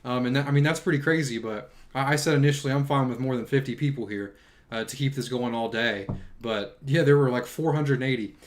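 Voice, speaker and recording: A man's voice: mid-range voice, a little fast. A man hosting a livestream, casually chatting and reading out viewer comments, sounding a bit tired. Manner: chatty, filler-heavy, reads viewer comments aloud. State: tired from long stream. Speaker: livestream host reading chat.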